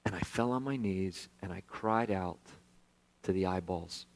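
A man's voice: low-pitched, a little slow, slight background noise. Conversational man preaching a testimony. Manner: conversational, self-deprecating, swings from hushed to animated. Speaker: pastor. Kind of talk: sermon storytelling.

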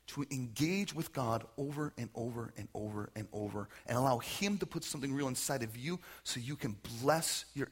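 A man preaching as a pastor at a church service, telling stories with energy and moving into quiet prayer. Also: medium pitch, husky. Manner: storytelling preacher, animated, ends in soft prayer. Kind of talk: sermon.

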